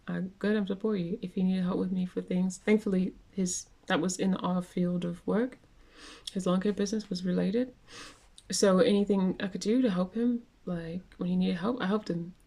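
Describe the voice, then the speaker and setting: A woman's voice: mid-range voice, dark tone. A young woman venting in a casual vlog rant, rambling with many fillers and restarts. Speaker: vlogger.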